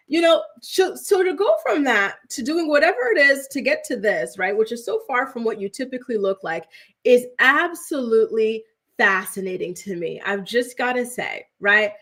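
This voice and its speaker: A woman in her thirties hosting a casual gossip show. She talks to her viewers in a chatty, animated way, keeps asking "right?", and slips into mock voices when quoting people. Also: on the high side, moderate pace. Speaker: host.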